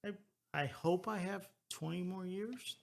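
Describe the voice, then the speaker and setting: A man in his early sixties hosting a talk radio show, earnest and halting, repeating words as he goes. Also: high voice, gravelly. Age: 60s. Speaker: radio host. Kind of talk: casual talk radio chat.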